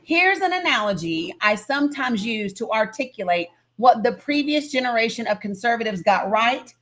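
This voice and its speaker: High-voiced emphatic woman on a live stream. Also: sing-song, normal speed, fairly bright tone, slight background noise. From Northeast Tennessee. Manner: emphatic, insistent, greets chat viewers. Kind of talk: passionate political live-stream talk.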